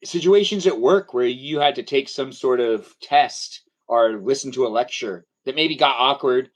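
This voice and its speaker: A man's voice: medium pitch, normal speed. A man hosting a casual live stream, chatty and welcoming, rambling a little as he talks with guests. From Armenian heritage.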